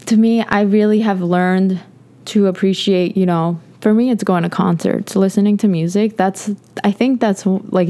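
A woman's voice: on the low side, dark tone. A young woman hosting a podcast, talking through her personal views in a rambling, earnest way, full of fillers and restarts and close to tears at times. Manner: earnest, rambling, heavy on "like", gets emotional. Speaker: podcast host. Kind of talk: personal reflective monologue.

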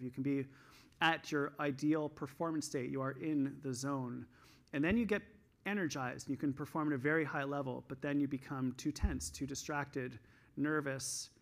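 A Canadian man giving an energetic conference talk on stage, telling coaching stories in an animated way. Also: gravelly. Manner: highly energized, animated storytelling.

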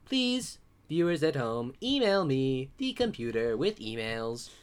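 A man's voice: mid-range voice, very animated, unhurried, clean tone. A man voicing a lonely, whiny male talking computer that beeps and boops. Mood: mopey. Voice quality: beeping robotic sing-song.

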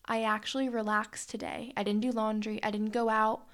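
A woman's voice: mid-range voice, little pitch movement, brisk, fairly bright tone. A woman co-hosting a casual podcast, chatty and giggly, talking straight to her listeners. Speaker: podcast co-host. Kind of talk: casual chat.

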